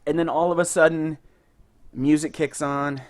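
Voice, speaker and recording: A young man co-hosting a podcast, telling stories in a casual, excited and profane way. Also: fairly high pitch, moderate pace. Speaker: podcast co-host. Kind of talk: casual chat.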